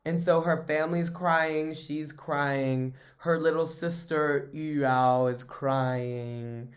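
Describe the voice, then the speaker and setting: A man's voice: a little high, slow pace. Man cracking crude jokes in a recap. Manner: animated, crude jokes, frequent laughter. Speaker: podcast co-host. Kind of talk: casual drama recap chat.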